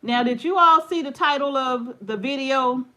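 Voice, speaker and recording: A woman's voice: high-pitched, moderate pace, pushed and bright. A woman co-hosting a casual livestream, laughing and greeting viewers by name as she reads the chat. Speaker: livestream co-host. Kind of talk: casual live chat reading viewer comments.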